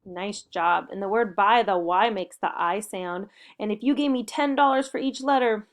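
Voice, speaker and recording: A woman's voice: mid-range voice, normal speed, few pauses. A woman teaching a spelling lesson to young children, giving upbeat and encouraging step-by-step instructions. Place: home recording.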